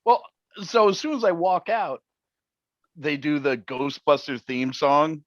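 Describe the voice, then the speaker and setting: A man's voice: on the high side, measured pace, dry recording. Guy on a podcast telling funny stories, acts out the quotes, kinda dull dry audio. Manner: animated, jokey storyteller who acts out quotes. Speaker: interview guest, paranormal TV personality. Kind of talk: casual interview storytelling.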